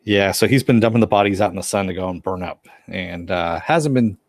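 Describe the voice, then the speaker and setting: Guy recapping a tv episode, kinda low voice, acts out the lines, dry mic. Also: fairly quick, no room sound. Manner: animated retelling, acting out lines. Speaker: podcast co-host reviewing a TV episode. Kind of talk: casual recap chat.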